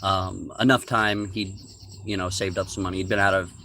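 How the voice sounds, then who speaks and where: Guy telling a story on a podcast, kinda low and bright voice, lots of ums and restarts. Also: little pitch movement, moderate pace, slight background noise. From rural United States. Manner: rambling, many restarts and fillers. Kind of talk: casual storytelling.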